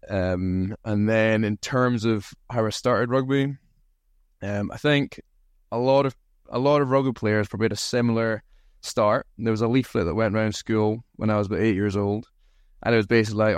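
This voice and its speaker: A Scottish man with a deep-leaning, clean, resonant voice recounts his background in a relaxed, self-deprecating way. The sound is dry and close, with no room echo. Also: clean tone. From Aberdeen, Scotland. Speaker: podcast guest, rugby team captain. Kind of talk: casual interview storytelling.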